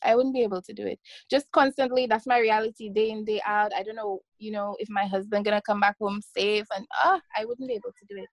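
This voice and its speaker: A woman's voice: medium pitch, fast talker, few pauses, no room sound. A woman who is a podcast guest, talking casually in a chatty way and laughing easily. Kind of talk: casual chat.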